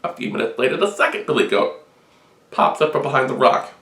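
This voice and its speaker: A man tells a long shaggy-dog joke in a deadpan storytelling manner. His voice sits at a middle pitch. The room adds a roomy echo. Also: a little fast. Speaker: joke teller.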